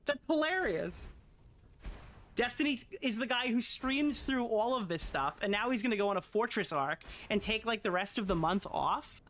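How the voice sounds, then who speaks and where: A woman's voice: a little high, expressive, moderate pace, a bit bright. A woman streamer ranting in casual commentary, exasperated and swearing often.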